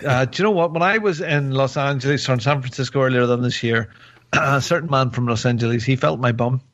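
A man's voice: mid-range voice, a little fast, fairly bright tone, no room sound, dull audio. A man hosting a casual podcast chat, rambling and joking with lots of fillers and restarts, a little tipsy from wine. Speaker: podcast host.

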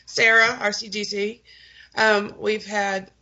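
A woman's voice: medium pitch, little pitch movement, slow, pushed and bright. A woman co-hosting a podcast, reading out the live chat in a chatty, teasing way. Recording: dull lo-fi sound.

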